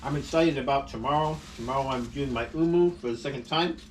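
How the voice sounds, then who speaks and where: Faint noise runs under this distant camera-mic recording of a man hosting a laid-back home food vlog. He talks fast at a medium pitch, joking and chatting with lots of laughter as he eats at the dining table in a casual mukbang.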